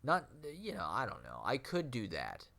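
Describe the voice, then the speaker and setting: Rambling man with a low, nasal voice. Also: huge pitch swings, normal speed, creaky, bright, forceful tone. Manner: rambling and self-questioning, laughs often, many fillers. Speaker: vlogger and aspiring street poet. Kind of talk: rambling casual monologue.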